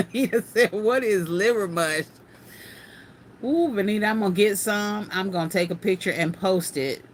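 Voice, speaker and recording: Hosting a casual craft livestream, a woman answers viewer comments in a folksy, chatty way and laughs often. Her voice is medium-pitched, with a little hiss or hum in the recording.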